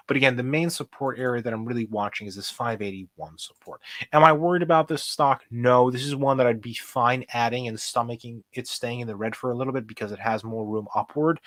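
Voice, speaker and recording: A young man hosts a relaxed livestream about stocks and thinks aloud as he clicks through charts. His voice sits at an ordinary middle pitch. The sound is dry and close, with no room around it. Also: no room sound. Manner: chatty, thinks out loud while reading charts. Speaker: host. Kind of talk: casual livestream stock commentary.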